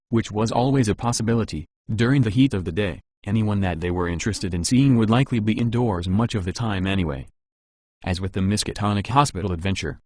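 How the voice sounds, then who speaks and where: A man reading an audiobook as its narrator, in a steady, even scripted narration. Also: fairly low pitch, no room sound.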